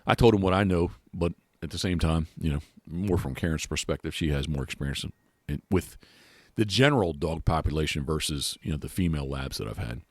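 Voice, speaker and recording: Male podcast host, deep and dry-miked, loose rambling chat full of restarts. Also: a little fast, breathy edge, no room sound. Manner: rambling, many restarts and fillers. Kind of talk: casual chat. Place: outdoors.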